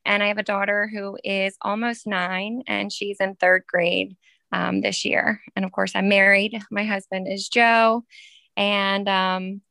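A woman's voice: medium pitch, little pitch movement, unhurried, gravelly, sharp tone, dry recording. A woman in her thirties, a guest on a casual interview, telling a story in a chatty way with frequent ums and laughs. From Maryland, US. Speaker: podcast guest, first grade teacher.

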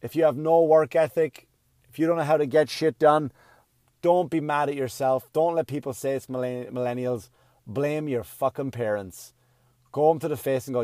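A middle-aged man hosting his own podcast, delivering a loud, profane comedic rant. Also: fairly high pitch, normal speed, no echo, clean studio sound.

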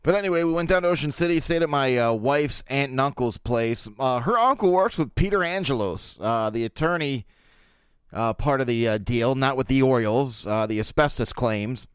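A man's voice: medium pitch, moderate pace, smooth, no room sound, clean studio sound. A man in his thirties from Baltimore hosting a solo podcast, rambling and joking crudely with lots of fillers. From Baltimore, USA. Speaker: podcast host. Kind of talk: casual solo podcast chat.

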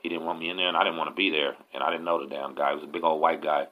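A man's voice: a bass voice, level tone, rapid-fire, phone-quality sound. A man with a Texan accent telling prison stories as host, in a casual, profane, slangy street manner. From Texas, USA. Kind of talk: casual storytelling.

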